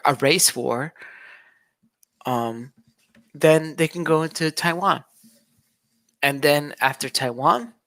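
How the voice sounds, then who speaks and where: A man's voice: mid-range voice, fairly bright tone. A young man from the United States, ranting in a casual monologue, agitated and repetitive, sometimes mocking. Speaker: vlogger.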